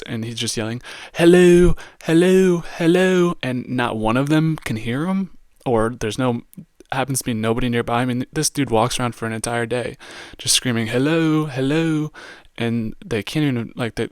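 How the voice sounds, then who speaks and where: A man talks through a movie review in a loose, slangy way, leaning on "like" constantly. His voice is smooth and fairly flat in pitch. The recording is dry, with no room sound. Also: no echo. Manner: casual, heavy use of "like" and slang. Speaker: podcast host reviewing a film. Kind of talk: casual movie review monologue.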